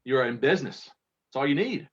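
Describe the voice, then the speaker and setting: A man's voice: medium pitch, animated, fairly quick, slightly rough. A man from Kentucky, a contest entrant being interviewed, chatting casually with rambling, self-deprecating stories over a video call. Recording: dull lo-fi sound.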